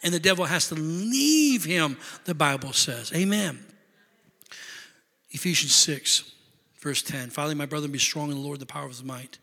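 A man preaching a sermon as pastor, building to loud emphatic peaks and dropping into quieter asides. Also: a little high, expressive, normal speed, creaky, long reverb tail. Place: church sanctuary.

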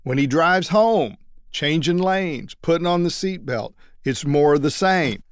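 A man's voice: fairly high pitch, lively intonation, a little slow, smooth, no echo. Man teaching jury persuasion, dry sound. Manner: storytelling, acting out everyday quotes. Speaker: trial lawyer teaching other lawyers. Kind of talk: instructional talk to lawyers on persuading juries.

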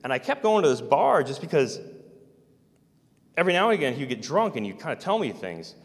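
A man telling a long personal story in a halting, rambling way, with many fillers and restarts. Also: fairly high pitch, big pitch swings. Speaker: storyteller recounting personal experiences. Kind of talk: rambling first-person account. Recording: long hall reverb.

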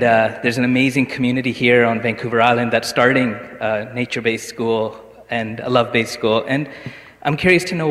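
Brief: mid-pitched man from the audience, earnest and curious, heard with hall reverb. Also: a bit bright. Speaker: audience member asking a question. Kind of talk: question from the floor.

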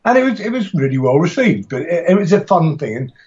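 A man's voice: fairly high pitch, sing-song, fast, darkish tone, muffled recording. A middle-aged man, a martial arts instructor and author, telling stories in a podcast interview with enthusiasm and frequent restarts.

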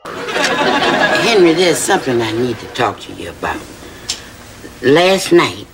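A woman's voice: very deep voice, wildly swooping pitch, slow pace, background noise, heavily acted. An actress in a TV show playing a woman who firmly protects a sick friend from a visitor. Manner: firm, insistent.

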